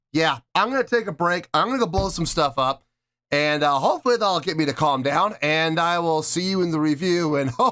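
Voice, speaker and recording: A man hosting a music reaction video, talking in a lively, mock-outraged way with drawn-out emphasis. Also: fairly high pitch. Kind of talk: casual reaction vlog.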